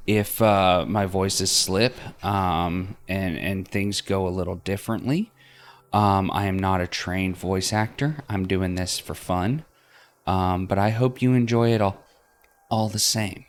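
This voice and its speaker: A man's voice: low-pitched, a little slow, faint music behind. A man hosting a visual novel let's play, talking casually and hesitantly with many fillers. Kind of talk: casual video intro.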